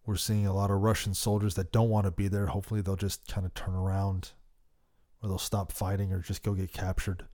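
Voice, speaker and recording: A man's voice: sits low, monotone, a little fast. Heated man on a podcast. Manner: passionate, swings between loud outbursts and quiet worry. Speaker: podcast host. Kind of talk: opinionated political commentary.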